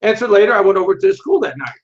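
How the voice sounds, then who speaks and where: A man's voice: high-pitched, sing-song, racing, background noise. A man in his sixties, an interview guest and martial arts instructor, telling stories bluntly with a lot of profanity. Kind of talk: storytelling in an interview. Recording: dull lo-fi audio.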